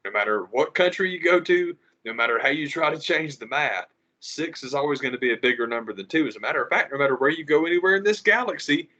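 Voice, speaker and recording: A man, co-hosting a podcast in an animated, profane ranting way. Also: on the high side, fast. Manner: animated, profane ranting with mocking quoted voices. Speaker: podcast co-host. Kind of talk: casual podcast chat. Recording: slightly dull lo-fi audio.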